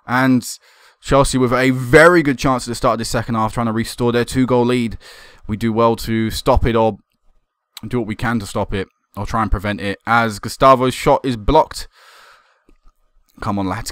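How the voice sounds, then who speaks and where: A young man commentating on a football management game, excitable and swearing when it goes wrong. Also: mid-range voice, clear, resonant tone, dry recording, studio quality. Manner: excitable, swearing and laughing at goals. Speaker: gaming commentator.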